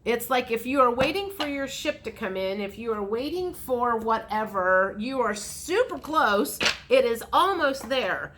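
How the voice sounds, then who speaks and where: A woman's voice: on the high side, expressive, measured pace, hardly any pauses, fairly bright tone. A woman giving a frank, chatty tarot reading, speaking straight to the viewer. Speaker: tarot reader. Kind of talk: casual tarot reading to camera.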